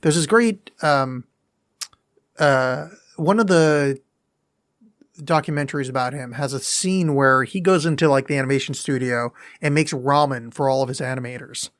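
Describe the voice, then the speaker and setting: A man's voice: mid-range voice, normal speed, fairly bright tone, no room sound, clean studio sound. A man co-hosting a podcast, chatting casually, rambling and laughing as he acts out quotes. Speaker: podcast co-host. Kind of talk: casual chat.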